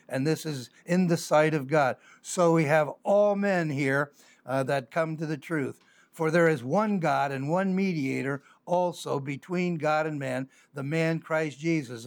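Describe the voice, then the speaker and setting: A man, a pastor teaching a sermon, reading scripture slowly and then arguing it through conversationally with fillers. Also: a little high.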